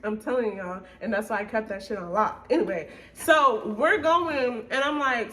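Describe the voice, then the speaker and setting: A young woman telling a storytime to her viewers in a blunt, animated way, swearing often. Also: a little high, moderate pace. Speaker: storytime vlogger.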